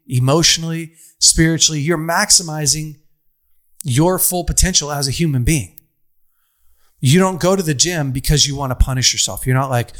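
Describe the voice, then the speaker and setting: A man's voice: on the high side, a bit bright. A young adult man giving a conversational motivational sermon to an audience, stacking phrases into long lists. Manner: conversational, repetitive lists, casual fillers. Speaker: speaker addressing an audience.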